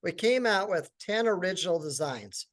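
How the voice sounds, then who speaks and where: A middle-aged man, a company founder, telling a lively business story at a forum and acting out what other people said. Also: high voice, moderate pace. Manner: animated, acts out quotes of others.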